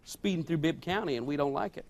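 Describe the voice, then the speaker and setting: A man voicing a stern small-town male county sheriff who speaks in a slow, menacing drawl. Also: a little high, creaky.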